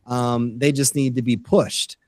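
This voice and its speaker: A man's voice: mid-range voice, steady tone, measured pace, darkish tone, no room sound. A man who is a guest educator on a podcast interview, earnestly explaining his ideas step by step. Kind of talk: interview conversation.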